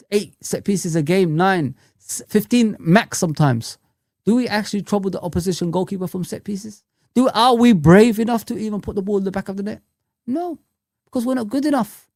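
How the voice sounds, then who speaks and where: A man's voice: high-pitched, darkish tone, dry recording. A man hosts a fan live chat, ranting and exasperated and hammering points home by repeating them. The sound is dry and close with no room around it. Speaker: fan channel host.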